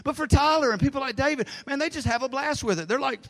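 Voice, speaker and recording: A middle-aged man preaching a sermon in a high, bright-toned voice. He tells stories in a rambling, animated way and drops low for his asides. A long reverb from a big church hall trails each phrase. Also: fast talker, hardly any pauses. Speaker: pastor. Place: church sanctuary.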